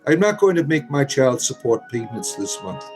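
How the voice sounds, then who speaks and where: A man's voice: medium pitch, sing-song, moderate pace, darkish tone, faint music behind, close to an everyday voice. A man mocking as a careless deadbeat dad. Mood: flippant. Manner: mocking, flippant. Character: careless deadbeat dad dodging child support.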